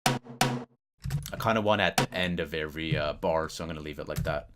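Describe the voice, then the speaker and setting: A man's voice: rumbling low, moderate pace, very noisy. A man casually talking through a music production tutorial at his computer, thinking aloud with fillers. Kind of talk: casual screen-recorded tutorial. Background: keyboard clicks and typing.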